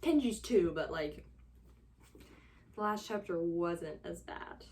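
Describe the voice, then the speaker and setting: A woman's voice: fairly low pitch, animated, takes it slowly, darkish tone, a little hiss or hum. A young woman chatting casually in a reading vlog. She talks in an exasperated, rambling way, full of fillers and dramatic sighs. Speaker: book vlogger.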